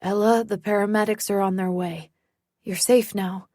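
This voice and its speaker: A woman voicing a calm, reassuring male police officer in a thriller audiobook, speaking steadily. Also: medium pitch, moderate pace, no echo, clean studio sound, natural voice.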